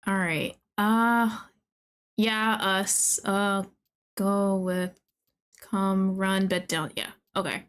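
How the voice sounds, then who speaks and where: A young woman streaming a game, talking to the characters, excitable and often laughing or swearing. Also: medium pitch, drawn-out words, clean tone. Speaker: VTuber streamer. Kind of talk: casual gameplay commentary.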